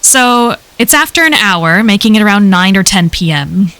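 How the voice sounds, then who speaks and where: A woman's voice: medium pitch, expressive, moderate pace, a bit bright, dry recording. A woman reading a first-person horror story aloud on a live stream, in a casual, conversational telling full of swearing.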